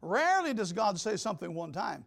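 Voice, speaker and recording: An older man, a pastor, preaching a sermon emphatically, repeating key words and swinging between loud and soft. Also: high-pitched, sing-song, brisk, creaky. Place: church.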